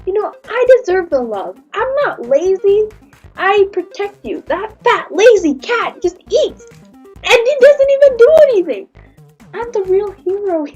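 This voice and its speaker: A woman's voice: very high voice, big pitch swings, unhurried, a little mellow, highs cut off, soft background music, voice pushed up, exaggerated voice. A woman voicing a jealous male pet dog who complains that he deserves love too. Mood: indignant. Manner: indignant, whiny complaining.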